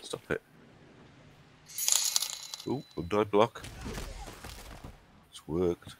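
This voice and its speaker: This is a man with a very low, deep voice. He chats casually on a live game stream, dry and teasing with his co-host, and he sounds stuffy from a runny nose. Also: extremely slow, noisy background. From Hartlepool, England. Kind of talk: casual chat.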